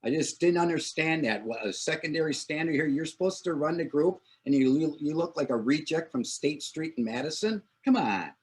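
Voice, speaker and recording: An older man telling animated anecdotes in a casual talk, acting out what people said. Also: a little high, moderate pace, few pauses, husky. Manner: animated anecdote teller, acts out quotes. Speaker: longtime corps director. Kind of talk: casual storytelling.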